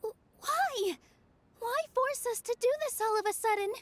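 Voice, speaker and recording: A woman voicing a gentle young woman dancer who speaks with soothing encouragement, heard as game audio. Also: extremely high pitch, moderate pace, slight background noise. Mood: alarmed. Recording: game audio over loud music.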